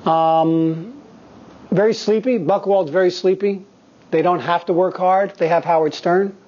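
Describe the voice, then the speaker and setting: Profane animated man in his fifties. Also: high voice, measured pace. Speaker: guest actor speaking to acting students. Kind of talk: candid anecdotal talk. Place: acting studio. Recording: slightly dull lo-fi recording.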